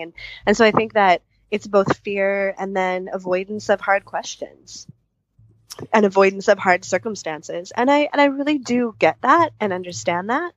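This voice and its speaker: A woman's voice: mid-range voice, normal speed, dry recording, muffled recording. A woman couples therapist answering interview questions at length, thoughtful, often voicing what clients might say to themselves. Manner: thoughtful, explains at length with spoken-out inner voices.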